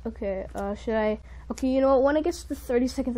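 A woman giving excitable live commentary while playing a video game, jumping between panicked outbursts and quiet muttering. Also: a little high, fast talker. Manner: says "dude" and "frick" a lot. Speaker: gaming video creator.

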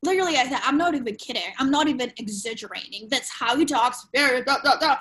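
A woman, a podcast guest frankly telling a personal story in animated, loose English. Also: high-pitched, fast, rough recording. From Ukraine. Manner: animated, frank, swears casually, non-native grammar.

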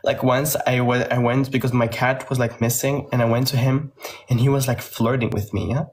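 A man's voice: medium pitch, little pitch movement, brisk, darkish tone, slight background noise. A young man from Belgium with a Flemish accent, a native Flemish speaker, chatting casually on a phone livestream and answering viewer questions with rambling, cursing and laughter.

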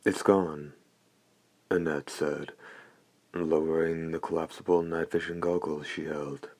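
A man narrating an audiobook in a steady, even storytelling manner. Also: a bass voice, measured pace. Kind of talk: scripted narration.

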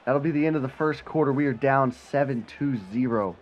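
A man giving live commentary on his own football video game, muttering one moment and shouting and swearing the next. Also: a little fast, muffled recording, a little hiss or hum. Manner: swings from low mutter to excited yelling, swears when frustrated. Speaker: gaming channel host.

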